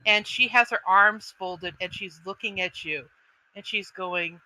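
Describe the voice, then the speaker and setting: Slow, bright-voiced woman game master. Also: mid-range voice, slight background noise, poor audio. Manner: hesitant, with frequent ums and uhs. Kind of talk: narrating a tabletop role-playing game.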